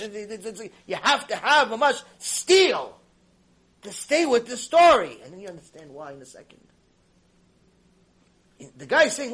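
A man with a high voice gives an animated sermon, acting out the characters in a story. He swings between loud, emphatic lines and hushed, almost whispered ones, and peppers his English with Hebrew terms. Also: normal speed, breathy edge, poor audio. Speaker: rabbi teaching a Torah class.

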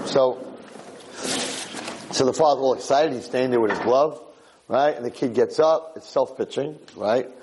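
A man's voice: mid-range voice, moderate pace, long pauses, background noise. A tired man teaching an informal Torah class, telling a joke in a chatty, storytelling way. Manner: chatty storyteller, acts out the characters. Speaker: rabbi giving a Torah class.

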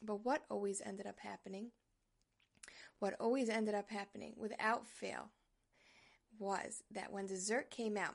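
A woman teaching a religious class, opening with a personal story told in an animated way with frequent restarts. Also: mid-range voice, creaky.

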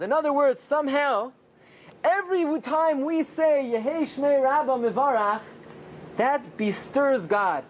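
A man teaching a Torah class as a rabbi, often asking rhetorical questions and answering them himself, with pitch that swings high and low for emphasis. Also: measured pace, slight background noise. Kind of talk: Torah class with Talmud study.

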